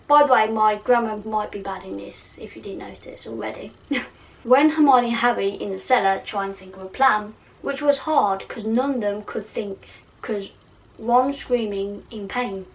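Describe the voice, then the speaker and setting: A woman's voice: medium pitch, moderate pace, creaky, recorded from a distance, poor audio. A woman reading her own fan fiction aloud in a casual way, giggling and poking fun at herself, stumbling over words. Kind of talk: casual story reading with asides.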